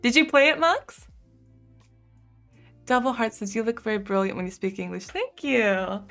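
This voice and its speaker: A woman's voice: on the high side, normal speed, soft background music. A young woman live-streaming from home, casually chatting and answering viewer comments with lots of "like" fillers. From United States. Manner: chatty, frequent "like" fillers, soft cooing asides to her cat.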